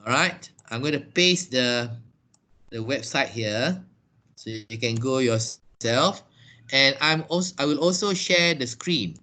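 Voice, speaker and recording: A man teaching an online lesson over a video call. He talks slowly, checks in with "yeah?" and "right?", and often repeats and restarts words. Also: mid-range voice, animated, pushed and bright. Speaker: English teacher.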